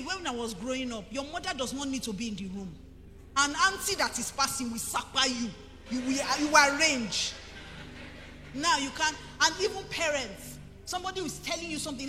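High, lively Nigerian woman preaching. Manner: emphatic, rising to forceful preaching. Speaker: pastor. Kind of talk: sermon. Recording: reverberant hall with faint music.

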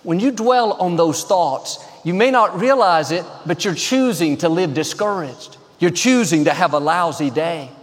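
A man's voice: high-pitched, long reverb tail. A man preaching a sermon as pastor, upbeat and emphatic, telling a joke to the congregation.

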